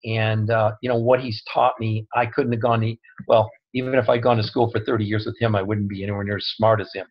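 This guest co-author talks fast with hardly any pauses, his voice low and level. The online call sounds dull and lo-fi, and he comes across as earnest and humble in casual conversation, restarting often.

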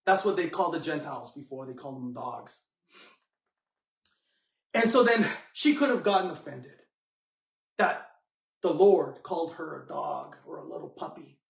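A man's voice: a little high, lively intonation, moderate pace, vocal fry, long pauses, recorded from a distance. A man preaching a sermon, telling the story dramatically and acting out the characters. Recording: echoey room, mic from afar.

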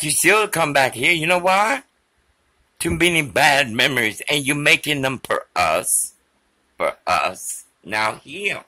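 A man's voice: on the high side, sharp tone, breathy edge. A man giving a theatrical, emphatic political monologue. His voice is failing, and he slips Spanish phrases and prayer into it.

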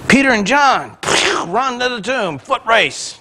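Man, pastor, very high voice, sermon, conversational, joking asides, church. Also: very animated, measured pace, sharp tone. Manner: retells scripture in his own everyday words. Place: church sanctuary.

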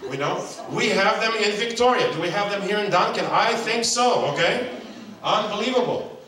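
A man preaching at a seminar, animated, breaking into loud mock calls and quizzing his audience. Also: sits high, moderate pace. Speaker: seminar speaker. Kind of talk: sermon. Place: hotel hall. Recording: very echoey hall, mic far off.

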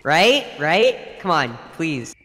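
A man's voice: a little high, sing-song, very slow, noisy background. A young man playing an online game with a friend, teasing and joking, breaking into shrieks and laughter. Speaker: gaming YouTuber's co-player. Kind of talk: playful gaming chat.

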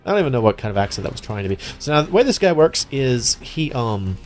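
Casting note: young male gameplay commentator, excitable and rambling, faint music underneath. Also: mid-range voice, quick pace. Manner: chatty, excitable, many restarts and fillers. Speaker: let's play host.

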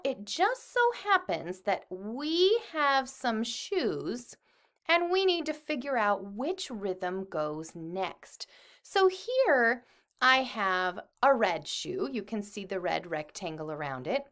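A woman music teacher leading a children's lesson, speaking slowly and encouragingly to the kids. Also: medium pitch, a bit bright. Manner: slow, encouraging, addresses children.

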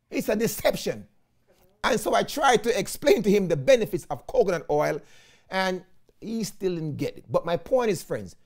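A man with a Jamaican accent, an evangelist preaching a sermon in an animated way, often calling his listeners "friends". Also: high-pitched, gravelly.

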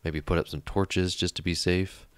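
A man's voice: low voice, little pitch movement, normal speed, no room sound. A man hosting a let's play, chatting casually and thinking aloud as he builds, sometimes muttering under his breath. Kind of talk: casual gameplay commentary.

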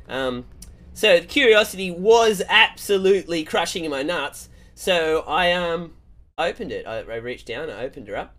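Animated, rambling male game streamer. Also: a little high, normal speed, long pauses. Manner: rambling, playful, jumps into loud excited outbursts. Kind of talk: comic storytelling to stream chat.

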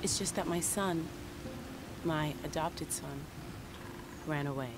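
An actress voicing a weary middle-aged mother in a video game, stranded with a flat tire and talking in a folksy, wry way. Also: low voice, takes it slowly. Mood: sad.

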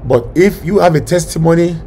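A man's voice: on the high side, a little fast, warm tone, slight background noise. A male preacher leading a fervent prayer sermon, commanding and repetitive, with bursts of speaking in tongues.

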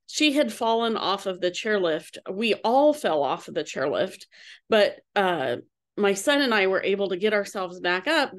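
Earnest woman coach telling a story. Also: medium pitch. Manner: earnest storytelling with pauses and fillers. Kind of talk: personal story talk.

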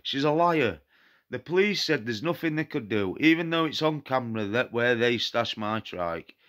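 Man, Nottinghamshire accent, paranormal vlogger, angry rant to camera, blunt, defiant, repetitive, mid-pitched voice. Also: expressive, moderate pace, fairly bright tone. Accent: Nottinghamshire English. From England.

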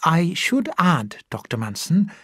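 A formal male committee secretary, as the story's reader puts him on speaks in a measured, official tone. The delivery is slow and a little husky. It sounds dry and close. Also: medium pitch, very animated, a bit bright, dry recording, voice pushed up, heavily acted.

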